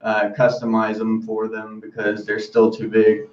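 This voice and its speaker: A man's voice: lowish voice, completely flat delivery, unhurried, darkish tone. A man being interviewed over a video call, upbeat and a little shy, laughing easily as he talks about his dogs. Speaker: interview guest. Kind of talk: casual interview. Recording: distant, dull, echoey call audio.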